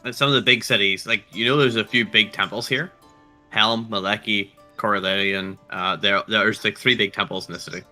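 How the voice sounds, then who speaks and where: Guy running a dnd game, low-ish voice, bright and punchy, music playing behind. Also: steady tone, a little fast. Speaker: dungeon master. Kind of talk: running a tabletop game, casual.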